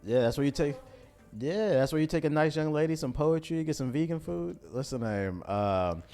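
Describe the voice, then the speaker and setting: A man's voice: fairly high pitch, soft background music. A man from Washington, D.C. co-hosting a livestream, telling stories in casual chat with slang. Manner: fast, animated storytelling with slang. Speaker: co-host.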